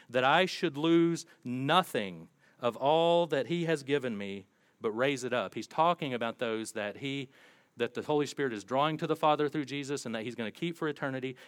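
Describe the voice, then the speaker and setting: Male pastor, sermon delivery, lively emphasis, dry close-miked sound. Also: on the high side, dry recording. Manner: animated preaching, quoting scripture in a dramatic voice.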